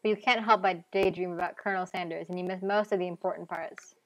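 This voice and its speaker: A woman's voice: fairly low pitch, fairly even intonation, quick pace. Wry woman streamer reading a game. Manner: wry, playful narration with asides.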